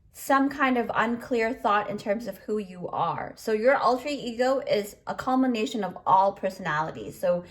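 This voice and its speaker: A woman's voice: mid-range voice, lively intonation, moderate pace, few pauses. A woman giving a pick-a-card tarot reading in a chatty, emotional way, full of fillers, and choked up. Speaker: tarot reader.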